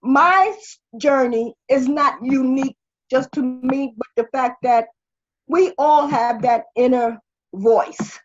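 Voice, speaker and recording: An older woman talking as an interview guest, with a husky, strained voice and a rambling way of talking full of restarts. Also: high voice, takes it slowly, lo-fi sound. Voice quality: husky, strained voice after throat surgery. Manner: rambling, with many restarts and fillers. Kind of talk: conversational interview.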